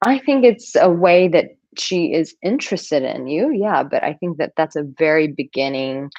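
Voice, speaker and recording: A woman with a notably low voice gives dating advice on a live stream. She reads out viewer comments and answers them directly and breezily, calling people darling. The sound is dry and a little dull. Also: lively intonation, normal speed, a little mellow, no echo. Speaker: dating coach.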